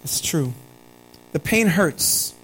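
A man's voice: on the high side, animated, takes it slowly, fairly bright tone, rough recording. A pastor preaching a sermon. He speaks earnestly, repeats key phrases and calls his listeners family.

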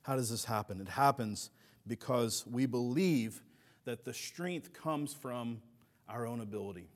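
A middle-aged man preaching a sermon as a pastor, earnest, building to emphatic peaks and dropping soft. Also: mid-range voice, unhurried.

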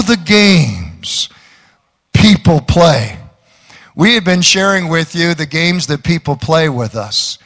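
A man's voice: fairly high pitch, a bit bright, in a large hall. A man preaching a sermon, folksy and joking, with emphatic calls to the congregation. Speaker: pastor.

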